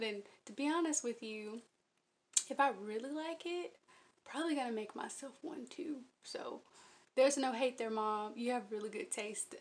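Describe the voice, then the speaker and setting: A young adult woman vlogging about crochet in an earnest, rambling way, running her words together and giggling. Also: fairly high pitch. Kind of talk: casual chat to viewers.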